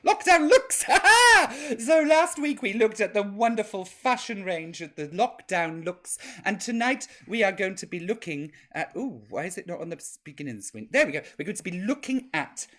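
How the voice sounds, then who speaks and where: A man's voice: sits high, expressive, moderate pace, hardly any pauses, a bit bright. A man hosting a live-streamed chat show as a cheeky camp drag grandmother, reading out viewer comments in a chatty, naughty way. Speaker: drag host playing a grandma.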